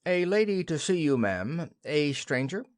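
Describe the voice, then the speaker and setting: A man's voice: on the high side, sing-song, unhurried. A man voicing a polite, deferential household maid in an audiobook play reading.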